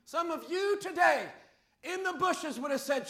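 A man preaching a fiery sermon as pastor, with rhetorical questions that build into shouts. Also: very high voice, lively intonation, measured pace. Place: church sanctuary. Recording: echoey church hall.

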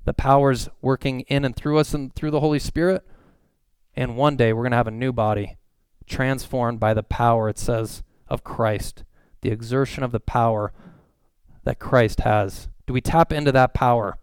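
A man's voice: medium pitch, fairly even intonation, moderate pace, smooth, no echo. A man preaching a sermon as a pastor, earnest and repeating phrases for emphasis.

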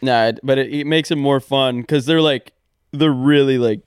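A man's voice: mid-range voice, normal speed, clear, resonant tone, dry recording, clean studio sound. A young man co-hosting a podcast in casual chat, laughing easily and rambling with lots of fillers. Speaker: podcast co-host. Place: studio.

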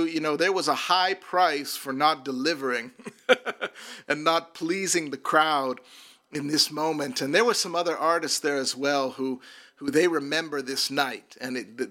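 Man, minister, personal testimony, earnest, repeats words, fairly high, bright and forceful. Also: measured pace.

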